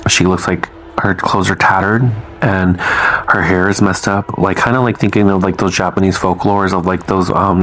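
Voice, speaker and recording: Man, very low and flat voice, for casual scary story time with swearing and fillers. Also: slight background noise. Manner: loose, swears, lots of "like" fillers.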